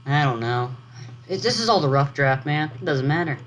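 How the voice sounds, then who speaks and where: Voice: mid-range voice, lively intonation, normal speed, lo-fi sound. A vlogger chatting casually as they write, thinking aloud and correcting themselves, over a computer fan's hum. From United States. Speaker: writing vlogger. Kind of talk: casual rambling vlog commentary. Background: loud computer fan hum.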